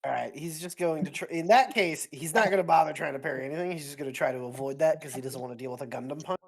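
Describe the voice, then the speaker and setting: Low-voiced upbeat woman at the game table. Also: a little mellow. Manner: upbeat, quick to joke. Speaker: player. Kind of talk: casual game chat.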